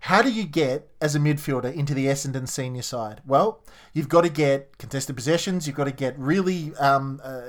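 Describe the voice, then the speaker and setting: A man's voice: mid-range voice, moderate pace. An Australian man co-hosting a podcast, talking sport in a chatty, rambling way and repeating his words as he goes. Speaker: podcast co-host. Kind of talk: casual sports chat.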